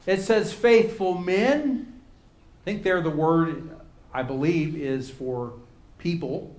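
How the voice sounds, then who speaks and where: A man leading a Bible class in a casual, off-the-cuff way, with a voice that sits a little high for a man. He doubles back on his words, then leans into key phrases with lifted emphasis. The recording has a roomy echo around him. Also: slow, a little mellow.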